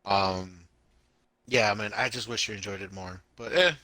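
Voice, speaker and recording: A man co-hosting a casual podcast chat, talking in an animated, emphatic way and repeating himself for effect. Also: lowish voice, moderate pace, no echo. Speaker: podcast co-host.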